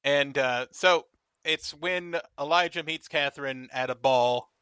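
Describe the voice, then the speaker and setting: A man's voice: fairly high pitch, a little slow, pushed and bright, clear, resonant tone, no echo. A man co-hosting a podcast, recapping a TV episode in casual chat, joking and laughing often. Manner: jokey, laughs often, puts on silly voices. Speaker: podcast co-host.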